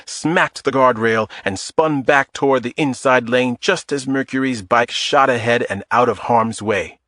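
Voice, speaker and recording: A man narrating a thriller audiobook in a measured, dramatic storytelling manner. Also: medium pitch, fairly bright tone, no room sound. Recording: dry close studio sound.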